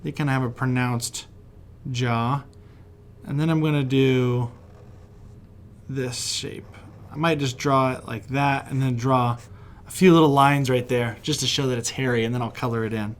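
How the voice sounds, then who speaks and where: With a medium-pitched, fairly even voice, a West Virginia art teacher talks kids through a drawing while sketching. He speaks at a normal speed but pauses often, staying warm, chatty, encouraging and full of laughter.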